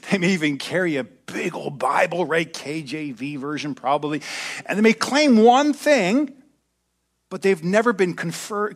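A pastor delivering a sermon at a church service in a conversational style, slipping in joking asides. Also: male voice, on the high side.

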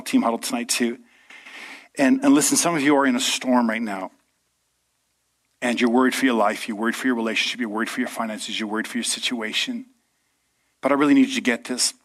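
Guy preaching to a church crowd, animated and chatty, keeps asking the room "right?". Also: fairly high pitch. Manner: lively, conversational, often asks the audience "right?". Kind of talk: sermon. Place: church room with a live audience.

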